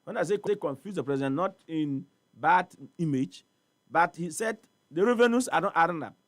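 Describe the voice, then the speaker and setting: Speaking at normal speed with a voice on the high side, the Ghanaian-accented man sounds animated as a studio guest on a morning talk show. He discusses port trade emphatically, repeating points and asking rhetorical questions, with no echo in the audio.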